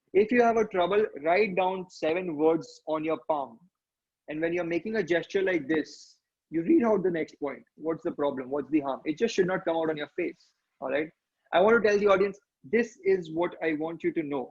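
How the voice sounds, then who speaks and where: A man's voice: high-pitched, darkish tone, slightly rough, lo-fi sound. A man, coaching public speaking and answering questions in an earnest, encouraging way, often asking rhetorical questions. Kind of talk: online training session answering questions.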